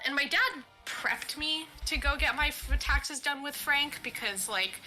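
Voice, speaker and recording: A woman telling a casual anecdote on a game stream, animated and full of quoted voices. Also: high-pitched, a little slow, soft background music, low-quality recording. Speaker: guest.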